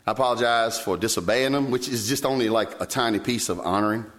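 A man preaches from the pulpit in a mid-range voice. He tells his story in a lively, animated way, with his pitch springing upward whenever he quotes himself. He sounds like a pastor in his thirties from Virginia. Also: fast talker. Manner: animated storytelling, sudden leaps in pitch when quoting himself. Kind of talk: sermon.

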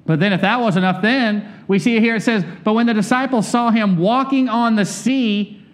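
Higher-voiced man preaching a conversational sermon. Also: moderate pace. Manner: candid, personal, asks the listeners questions.

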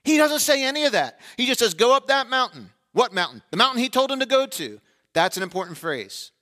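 A man's voice: extremely high pitch, very animated, fast, sharp tone. A male pastor delivering a sermon who asks the congregation questions and briefly acts out their replies.

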